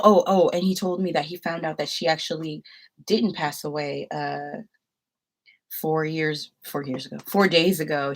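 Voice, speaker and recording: A young adult woman vlogger telling a personal story to her viewers in a casual, rambling way, full of "like" and asides. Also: lowish voice.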